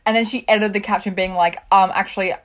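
Fast-talking young woman. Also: mid-range voice, steady tone. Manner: rapid, rambling, full of "like" and swearing. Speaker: podcast co-host. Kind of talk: casual chat.

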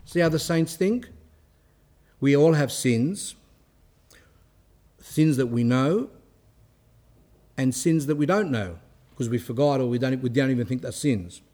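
A man's voice: medium pitch, animated, moderate pace, dark tone. A man giving a spiritual talk, reading quotes aloud and explaining them in a conversational way. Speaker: religious teacher. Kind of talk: spiritual talk reading and commenting on a saint's life.

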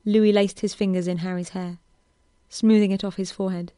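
A woman reading a romance story aloud in a slow, even narration. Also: mid-range voice, dry recording, clean studio sound. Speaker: reader. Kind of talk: reading fan fiction aloud.

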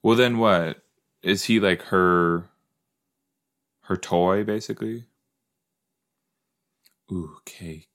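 A man's voice: low voice, slow, long pauses, fairly bright tone. A young man chatting casually as a podcast host reacting to a TV episode, rambling, playful and easily startled. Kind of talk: casual watch-along commentary.

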